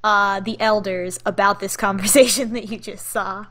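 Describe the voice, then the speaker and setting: A woman's voice: mid-range voice, fairly even intonation, moderate pace, fairly bright tone, close to an everyday voice. A woman voicing an irritable, scheming young male vampire in a terse, condescending manner during a tabletop game. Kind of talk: tabletop role-play.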